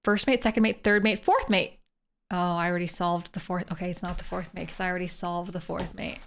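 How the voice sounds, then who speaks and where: A woman's voice: fairly low pitch, fairly even intonation, fairly quick, vocal fry. A young woman from Canada, a streamer thinking aloud playfully while playing a game live and chatting with viewers. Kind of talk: live gameplay commentary.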